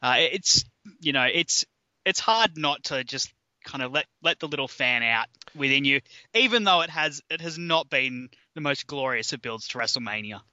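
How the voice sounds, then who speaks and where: An Australian man as a podcast guest, talking casually in a halting way with restarts. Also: mid-range voice, lively intonation, pushed and bright, dry recording, highs cut off. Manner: halting, with many restarts and fillers.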